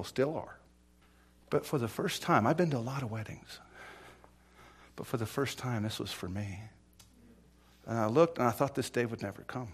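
A middle-aged male pastor preaching a sermon in a folksy, personal way, swinging from hushed whispers to loud, emphatic exclamations. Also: mid-range voice. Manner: folksy, personal storytelling with laughter.

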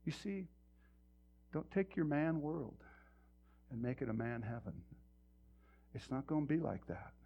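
A man's voice: on the high side, lively intonation, unhurried, vocal fry, long pauses, slightly rough. A male pastor delivering a sermon in a church, talking directly to the congregation with rhetorical questions. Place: church sanctuary. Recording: muffled lo-fi sermon recording.

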